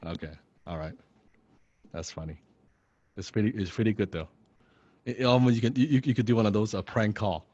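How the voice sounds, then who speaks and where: A sales coach talking on a video call, chatty and self-correcting as he explains his method. His voice is of middle pitch and sounds dry. The call audio is a little muffled. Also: fairly quick, long pauses, warm tone, no echo. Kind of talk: sales training role-play.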